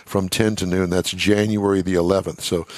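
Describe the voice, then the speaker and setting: A man's voice: low-pitched, little pitch movement, moderate pace. A man hosting a radio car show in casual on-air chat. He reads news items aloud and adds wry asides. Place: radio studio.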